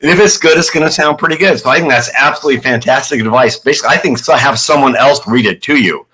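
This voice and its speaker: A man's voice: mid-range voice, quick pace, sharp tone, husky. Chatty male novelist, rambling delivery. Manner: rambling, loose, with many fillers and restarts. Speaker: novelist being interviewed. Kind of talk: casual conversational answers. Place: live online author event.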